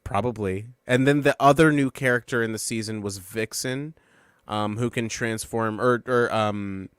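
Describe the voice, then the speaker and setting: A man's voice: lowish voice, moderate pace, a bit bright, clear, resonant tone, no echo, studio quality. A man co-hosting a podcast in casual chat, swearing often and rambling through restarts. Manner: profane, rambling, many restarts. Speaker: podcast co-host.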